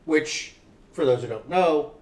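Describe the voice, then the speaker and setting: A man hosting a casual interview show, telling a story in a profane, animated way. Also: fairly high pitch, measured pace, roomy sound, recorded from a distance. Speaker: host.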